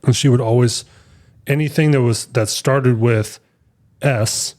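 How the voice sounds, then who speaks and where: A young man chatting on his podcast, wandering through stories with lots of fillers and false starts. His voice sits at an ordinary middle pitch, and he talks like someone among friends. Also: steady tone, unhurried, darkish tone. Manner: rambling storyteller, many fillers and restarts. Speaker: podcast co-host. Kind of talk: casual chat.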